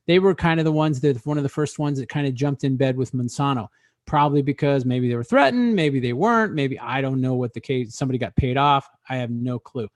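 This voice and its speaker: A man's voice: mid-range voice, brisk, dry recording, clean studio sound. A man hosting a casual talk show, joking and rambling with many hesitations. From Arizona. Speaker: host.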